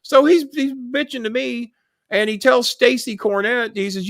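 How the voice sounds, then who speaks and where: A man's voice: very high voice, moderate pace, no room sound, clean studio sound. A man hosting a live show, telling blunt stories in a casual voice with lots of swearing. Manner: blunt, heavy swearing, animated retelling. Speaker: show host. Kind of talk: profane live-show storytelling.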